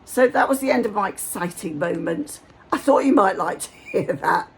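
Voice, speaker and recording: A woman's voice: medium pitch, animated, moderate pace, gravelly, husky. A woman from Hampshire, England, chatting casually to camera and telling a rambling story full of asides. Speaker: vlogger.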